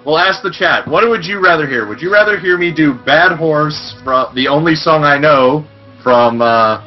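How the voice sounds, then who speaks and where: A man from Canada, rambling quickly in a casual live-stream chat. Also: on the high side. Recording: dull lo-fi stream audio with faint music.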